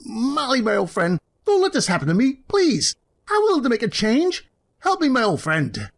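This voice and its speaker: A woman voicing a grumpy old miserly man in an animated film, pleading and dramatic. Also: fairly high pitch, moderate pace, exaggerated voice.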